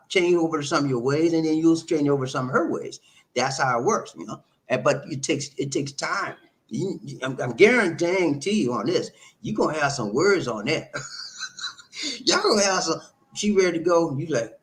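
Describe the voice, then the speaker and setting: A man's voice: fairly high pitch, normal speed. Chatty middle-aged man giving relationship advice. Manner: animated, loose, conversational, laughs often, repeats himself. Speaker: host answering viewer comments. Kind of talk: live-stream relationship advice talk.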